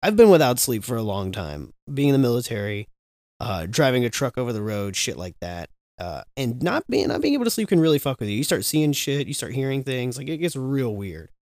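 Male podcast co-host, mid-pitched, joking and profane, dry close mic. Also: very animated, fairly quick, darkish tone, no room sound. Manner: loose, profane, rambling and joking. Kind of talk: casual podcast chat.

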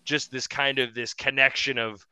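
A young man, a pro wrestler guest on a podcast, telling stories in an animated way, with lots of restarts and laughs. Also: mid-range voice, normal speed, clear, resonant tone, no room sound. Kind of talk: casual podcast chat.

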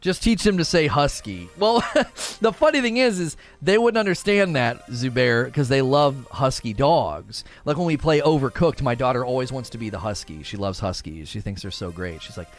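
A man's voice: medium pitch, expressive, normal speed, faint music behind. Rambling, laugh-prone male streamer. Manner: rambling, laughs often, repeats words and phrases. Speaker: livestream host reading viewer chat. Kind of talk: casual livestream chat.

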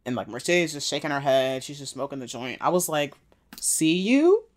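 A woman's voice: rumbling low, quick pace. Laid-back slangy woman recapping a show. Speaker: podcast co-host. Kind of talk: casual recap chat.

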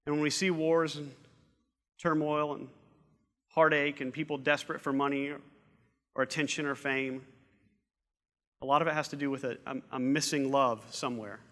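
A man's voice: fairly high pitch, fairly even intonation, normal speed, pauses often, a bit bright. A middle-aged man preaching a sermon as pastor, earnest, repeating phrases for emphasis. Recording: long reverb of a large hall.

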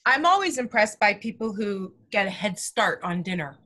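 Bright-voiced woman podcast co-host. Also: mid-range voice, very animated, moderate pace. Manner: playful, teasing, laughs easily. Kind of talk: casual chat.

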